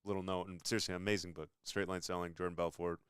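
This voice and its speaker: Deep-voiced enthusiastic male host. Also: little pitch movement, quick pace, a bit bright, smooth, no echo, clean studio sound. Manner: enthusiastic, rambling. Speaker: show host. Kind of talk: casual interview chat.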